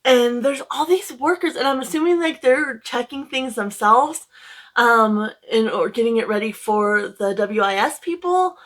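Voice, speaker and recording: Young woman, casual vlog storytelling, rambling, lots of fillers, fairly high voice, recorded at home. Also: unhurried, fairly bright tone. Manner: rambling, emotional retelling with many fillers. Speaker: book vlogger. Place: at home with her dog.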